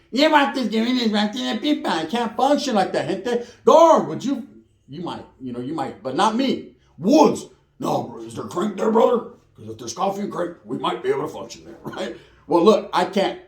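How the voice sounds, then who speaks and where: Man rattling off a jailhouse story in street slang with spanish words mixed in, kinda high voice, echoey room. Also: a little mellow. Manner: slangy street talk with Spanish words, acts out quoted dialogue. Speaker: channel host telling a prison story. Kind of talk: casual storytelling.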